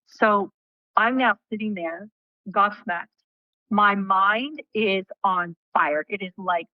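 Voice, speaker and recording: A woman being interviewed slowly recounts a personal story in a lively way, voicing other people's lines and dropping casual swear words. She speaks in a mid-range voice; the recording has no room sound and its highs are cut off.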